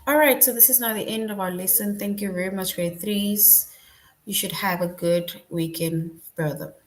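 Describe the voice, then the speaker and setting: A woman teacher, giving a slow, patient grade-school lesson and often checking in with her class. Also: medium pitch.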